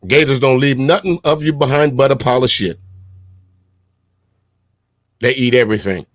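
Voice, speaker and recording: A man's voice: mid-range voice, normal speed, fairly bright tone, no room sound. Blunt, profane man, dry close sound. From South Carolina. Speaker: co-host. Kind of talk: casual commentary.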